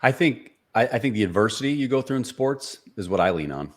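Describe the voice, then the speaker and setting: A man's voice: mid-range voice, animated, a little fast. A man in his forties, a sales speaker and author, telling a personal story as a podcast guest in an earnest, motivational way with restarts and fillers. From Seattle area. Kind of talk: conversational storytelling interview.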